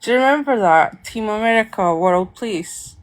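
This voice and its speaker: A woman with an East Coast Scottish accent in casual chat, talking loosely with a lot of "like" and quick laughs. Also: mid-range voice, lively intonation. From Scotland. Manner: chatty, fillers of "like", laughs easily.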